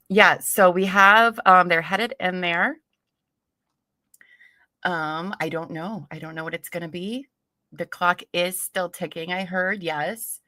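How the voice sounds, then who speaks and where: A young woman chats casually on her livestream in a bright, close, dry voice. She is giggly and easygoing as she greets viewers one by one. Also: on the low side, no room sound. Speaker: livestream host.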